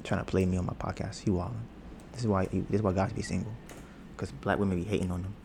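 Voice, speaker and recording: A young man talks loosely into his podcast mic at home, wandering from topic to topic and joking about his own smooth voice. His voice sits low, with a faint hiss in the background. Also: flat delivery, quick pace. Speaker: podcast host. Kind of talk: casual podcast chat. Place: home, storm outside. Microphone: podcast mic with headphones.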